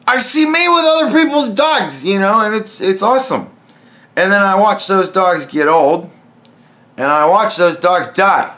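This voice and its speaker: A man rambles through a casual solo podcast monologue, blunt and quick to swear. His pitch swings widely as he talks, and he often restarts his sentences. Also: bright, forceful tone. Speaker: podcast host.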